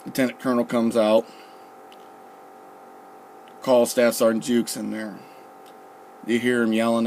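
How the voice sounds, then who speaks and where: A young man casually telling a story, profane and relaxed, quoting people with "I'm like" and "he goes.". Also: mid-range voice, measured pace, pauses often, a little hiss or hum. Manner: profane, laid-back, quotes others with "I'm like" and "he goes". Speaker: storyteller recalling his recruit days.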